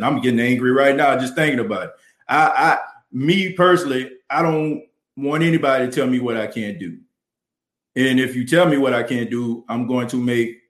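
A podcast host from New Orleans in the US South reads viewer chat during a livestream, speaking fervently in his local accent with many "you know" fillers. His mid-range voice sounds reverberant, picked up by a studio mic and camera.

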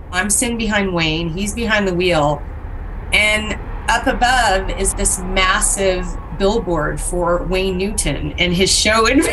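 A woman's voice: on the low side, fairly bright tone, a little hiss or hum. A woman telling a personal anecdote in a conversational, amused way and acting out the people she quotes. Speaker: storyteller. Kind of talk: casual storytelling.

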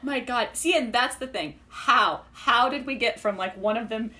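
A woman co-hosting a casual book-club podcast, gushing and excitable as she talks through favorite moments. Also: on the high side, normal speed. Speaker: podcast co-host.

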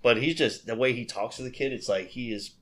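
Male co-host, average pitch, loose and rambling delivery. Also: brisk. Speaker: podcast co-host. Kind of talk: casual chat.

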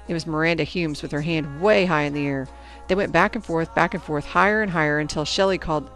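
A woman reading a first-person teen novel aloud in a lively storytelling manner. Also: low-pitched, fast, soft background music. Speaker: audiobook narrator.

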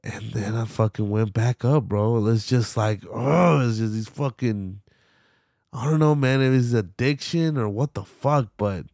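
A man's voice: medium pitch, unhurried, creaky, darkish tone, no room sound, clean studio sound. A young man hosting a solo podcast, talking loosely and profanely with lots of fillers and sighs. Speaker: podcast host. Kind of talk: casual solo podcast rambling.

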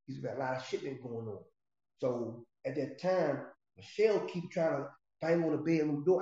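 A man's voice: a little high, normal speed, mellow. A middle-aged man casually telling a story from his past, streetwise and profane, rambling with restarts. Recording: roomy, slightly dull recording.

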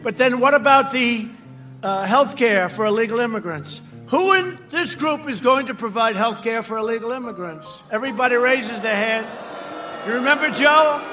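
A man giving a campaign rally speech on a stage microphone, boastful and mocking, repeating himself and often shouting. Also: extremely high pitch, lively intonation, moderate pace, soft background music. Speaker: political speaker at a rally. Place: large rally before a crowd.

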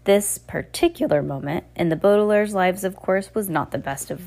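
A woman's voice: mid-range voice, normal speed, creaky, a little mellow. A woman reading a novel aloud in an unpolished way, often stumbling and correcting herself. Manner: unpolished, frequent restarts and self-corrections. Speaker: reader.

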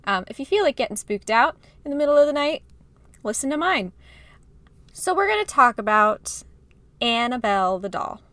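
A woman podcast co-host chatting casually over a video call, giggly and quick to apologize. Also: fairly high pitch, big pitch swings, a bit bright, no room sound. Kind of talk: casual chat. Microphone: podcast mic over video call.

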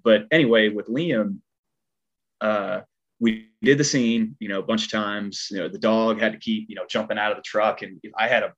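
Rambling man with a twang, dull sound. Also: on the low side. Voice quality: twang in his speech. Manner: animated, rambling, heavy filler words. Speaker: stunt performer guest. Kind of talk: casual storytelling.

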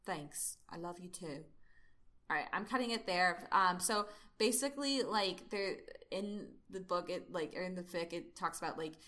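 Bright-voiced chatty young woman. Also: lowish voice, normal speed, few pauses. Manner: chatty, many fillers, laughs easily. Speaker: podcast co-host. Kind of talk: casual chat and reading aloud.

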